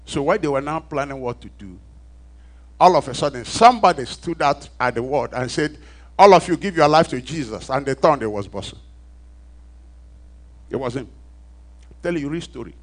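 Speaking with a Nigerian accent, a preacher delivers a sermon built on storytelling, calling for congregational responses as he shifts between quiet asides and loud, emphatic calls. He has an expressive mid-range voice at a moderate pace and often pauses.

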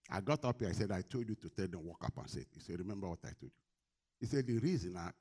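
With a husky voice, a middle-aged pastor preaches, calling out to the congregation for responses and veering between low, gentle asides and loud exhortations.

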